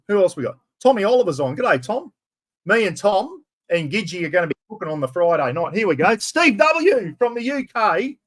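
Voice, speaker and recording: An Australian man hosting a casual live stream, loud and rambling, swearing freely as he chats. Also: high voice.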